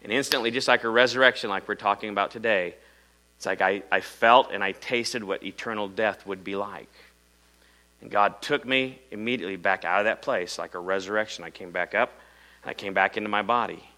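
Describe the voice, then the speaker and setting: A middle-aged man from Iowa preaching a sermon, telling a story dramatically and swinging between loud emphasis and hushed low lines. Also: fairly even intonation, a little fast, low-quality recording.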